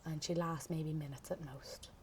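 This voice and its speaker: A young Irish woman giving a documentary interview, recounting events in a measured, steady way. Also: sits low.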